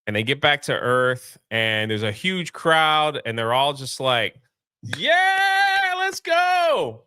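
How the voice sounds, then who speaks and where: A man's voice: mid-range voice, measured pace, clean tone, dry recording, clean studio sound. A man co-hosting a casual movie review, retelling scenes animatedly and acting out the characters' lines. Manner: animated retelling with quoted voices. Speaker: podcast co-host.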